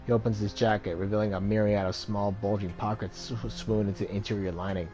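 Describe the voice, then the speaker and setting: A man's voice: lowish voice, fairly even intonation, fairly quick, hardly any pauses, a little mellow, faint music behind. A man hosting a let's play and reading the game's text aloud, often stumbling and correcting himself.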